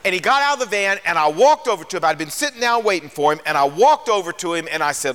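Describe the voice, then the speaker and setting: An older male preacher tells his own story in a sermon with a high, bright voice that swoops through a wide range. He acts out the lines of each person in the story. A long hall reverb hangs behind his words. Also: quick pace, hardly any pauses. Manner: animated storyteller, acts out dialogue. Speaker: radio preacher.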